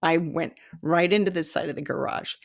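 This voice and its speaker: A woman in her fifties, a psychic development teacher, telling a story in an animated, self-mocking way and laughing often. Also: low voice, moderate pace, vocal fry. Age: 50s. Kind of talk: storytelling monologue.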